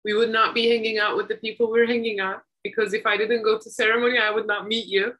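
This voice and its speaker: A woman's voice: fairly high pitch, level tone, fast, fairly bright tone, low-quality recording. A woman hosting a casual chat, gushing with enthusiasm over her guest. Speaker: host.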